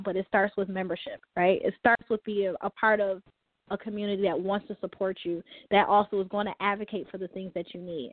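A woman's voice: medium pitch, no room sound. A woman guest in an interview, speaking passionately and persuasively, often saying "you know". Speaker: guest, community founder. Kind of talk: casual interview chat. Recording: dry, tinny phone-like line.

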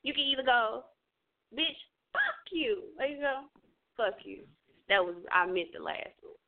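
A woman hosting a casual radio chat, animated and playfully switching voices. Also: a little high, moderate pace, creaky. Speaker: show host. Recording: tinny phone-line sound.

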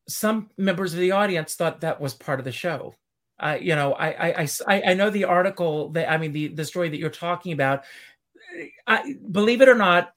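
A man hosting a casual chat-show interview, animated and speaking directly to his audience. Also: a little high. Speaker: host.

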